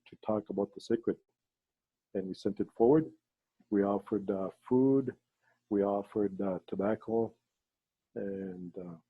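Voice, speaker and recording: A man leading a ceremony, telling stories in a halting way with many fillers and restarts, over a video call. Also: husky, no room sound, narrow, tinny audio. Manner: halting, with many fillers and restarts, voices quoted people in a higher pitch. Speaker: ceremony leader and storyteller. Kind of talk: storytelling talk on a video call.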